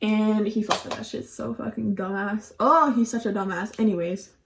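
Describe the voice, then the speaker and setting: A woman's voice: mid-range voice, steady tone, normal speed, vocal fry, background noise. A young adult woman telling a casual storytime on her vlog, chatty and profane, with lots of "like". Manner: chatty and profane, heavy use of "like". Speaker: vlogger.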